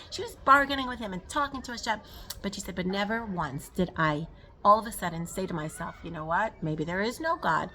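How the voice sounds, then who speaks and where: A woman giving a spoken Torah lesson, earnest and emphatic, mixing in Hebrew terms and slowing down to stress key words. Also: medium pitch, bright, forceful tone, a little hiss or hum. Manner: rises and slows on emphasis, frequent fillers. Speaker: Torah teacher.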